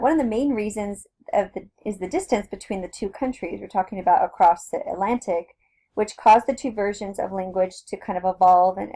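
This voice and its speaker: A woman's voice: medium pitch, warm tone. A woman teacher with a Southern Californian accent gives a recorded lecture in a casual, conversational way, explaining step by step with many fillers. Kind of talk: recorded flipped-classroom lecture.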